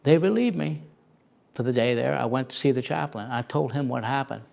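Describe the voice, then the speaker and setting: A middle-aged man telling stories as an interview guest, animated and acting out the voices he quotes. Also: mid-range voice, fairly quick, creaky. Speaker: interview guest, former prison officer. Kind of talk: storytelling in a conversation.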